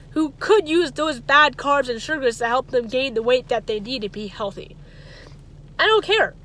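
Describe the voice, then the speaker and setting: Chatty rambling woman, slightly high voice. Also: a bit bright, slight background noise. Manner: rambling, stumbles and restarts words; gets worked up and indignant. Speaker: vlogger. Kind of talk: casual chat to camera.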